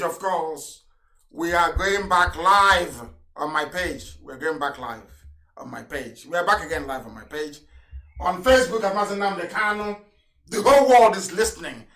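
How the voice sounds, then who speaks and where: Man, live broadcast address, emphatic, repeats himself, bright forceful voice, roomy echo, set back from the mic. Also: high-pitched, distant mic. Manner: emphatic, repeats phrases, chuckling asides.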